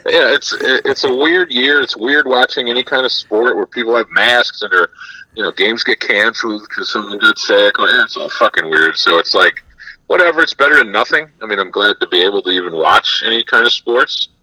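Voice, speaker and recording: A man's voice: lowish voice, a little fast, bright, forceful tone, breathy edge, no room sound, poor audio. A man on a comedy podcast, joking and swearing through rambling chat full of fillers. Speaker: podcast guest. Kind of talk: casual crude comedy chat.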